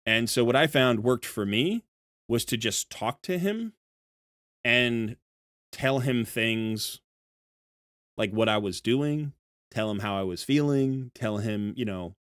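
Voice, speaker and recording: A man's voice: medium pitch, lively intonation, unhurried, fairly bright tone, dry recording, clean studio sound. A man streaming live, chatting casually with his viewers in a rambling way, with many restarts and fillers. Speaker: streamer talking to chat.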